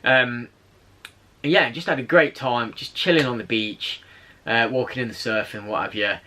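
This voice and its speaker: A man tells a story from his weekend in a casual vlog. His voice is bright and forward at an ordinary pitch. He rambles, restarts, and chuckles as he goes. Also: normal speed, a little hiss or hum. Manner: chatty, rambling, laughs while telling a story. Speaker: channel host.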